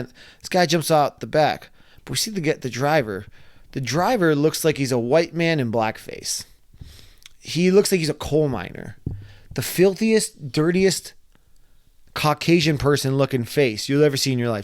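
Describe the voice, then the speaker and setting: A man's voice: on the high side, dry recording, clean studio sound. A man casually telling a long story, rambling, repeating words and acting out the quotes.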